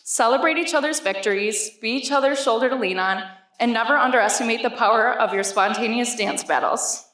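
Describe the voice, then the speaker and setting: A woman's voice: a little high, a little fast, a bit bright. A woman giving a wedding toast, joking and then sentimental, at a reception. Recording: echoey reception hall with crowd. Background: guests laughing.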